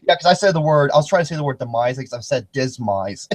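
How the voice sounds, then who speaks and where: A man hosting a casual podcast chat, excitable and rambling, swearing freely. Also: mid-range voice, fast talker. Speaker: podcast host.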